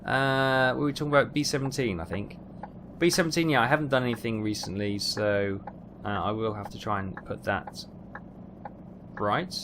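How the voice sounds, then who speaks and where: A man's voice: medium pitch, normal speed, a bit bright. Rambling man over truck-game noise. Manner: rambling, with exasperated outbursts. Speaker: gaming channel host. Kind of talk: casual let's-play commentary. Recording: game engine noise underneath. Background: truck simulator engine and road sounds.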